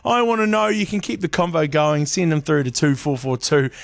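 A man's voice: fairly high pitch, lively intonation, brisk, creaky, no echo. A New man hosting a breakfast radio show, chatting playfully with laughing asides. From New Zealand. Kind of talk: casual radio chat.

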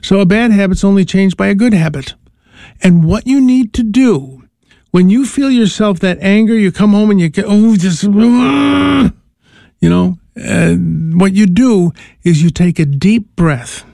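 High gravelly older priest on radio. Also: male voice, expressive, measured pace, no echo, studio quality. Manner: warm chuckling, rambling with restarts. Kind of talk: call-in radio advice.

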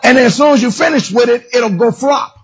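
A man preaching a sermon with a raspy voice, often shouting and sliding into a singsong lilt. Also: very high voice, a little fast. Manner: animated, shouting, singsong emphasis. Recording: dull lo-fi recording.

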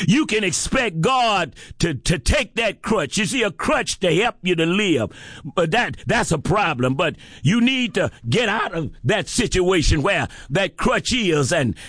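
Impassioned high-pitched male preacher. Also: big pitch swings, measured pace, no echo, clean studio sound. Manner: impassioned, rising to shouts, repeating phrases. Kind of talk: sermon.

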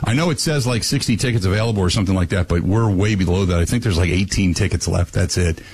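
A man's voice: sits low, fast, a little mellow, a little hiss or hum, low-quality recording. A man hosting a sports talk radio show, ranting with emphatic repetition.

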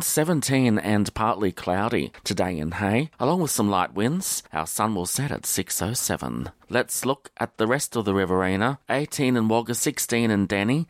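Low-voiced man reading the weather. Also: dry recording, studio quality. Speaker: local radio weather presenter. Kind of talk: scripted weather report.

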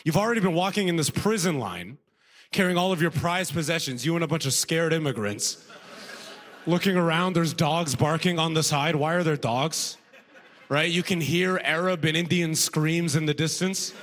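A man's voice: on the high side, normal speed, fairly bright tone, long reverb tail. A man from Sudan, raised in Alberta, doing live stand-up comedy on stage at a comedy gala, talking conversationally and checking in with the crowd. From Sudan, raised in Alberta, Canada.

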